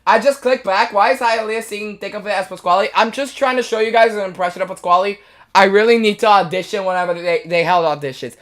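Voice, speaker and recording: Brief: young streamer, quick casual chat, mid pitch. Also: fairly bright tone. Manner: rapid, chatty, addressing chat.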